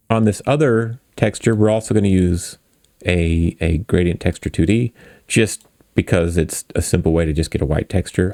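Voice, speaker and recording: A man hosting a game dev tutorial, walking through code in a relaxed, chatty, self-deprecating way. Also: low-pitched, gravelly, no room sound, studio quality. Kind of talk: casual screen-recorded coding tutorial.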